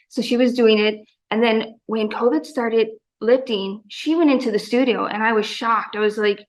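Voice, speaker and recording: A woman's voice: a little high, moderate pace, low-quality recording. A woman in her forties, a gym member talking in a casual interview, enthusiastic and rambling, full of fillers and quoted asides.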